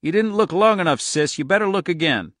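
Bullying agent read by a man, taunting threats, pitched up, dry close sound. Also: lively intonation, brisk, a bit bright, no room sound. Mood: menacing. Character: menacing bullying male federal agent, sadistic.

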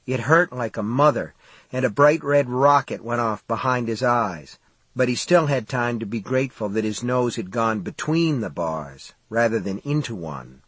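A man narrating an audiobook in a steady, measured storytelling voice. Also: mid-range voice, breathy edge, no echo.

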